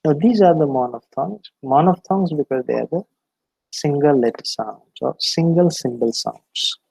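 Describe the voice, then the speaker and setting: A man lecturing on phonetics, slowly and deliberately sounding out example words. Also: a little high, creaky, darkish tone, slightly rough, no echo, low-quality recording. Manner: slow, deliberate, repeats example words aloud. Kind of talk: classroom lecture on pronunciation.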